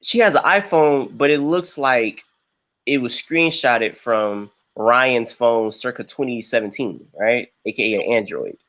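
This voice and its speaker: A young man hosts a livestream, telling a story casually and with animation at a measured pace. When he quotes people, he jumps into high voices.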